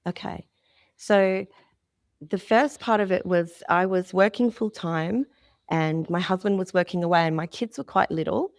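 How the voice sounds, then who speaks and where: Woman, middle-aged, Australian accent, candid rambling storytelling, lower voice, dry sound. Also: a little slow, dry recording. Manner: candid, rambling, restarts mid-sentence. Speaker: guest. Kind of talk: emotional personal storytelling.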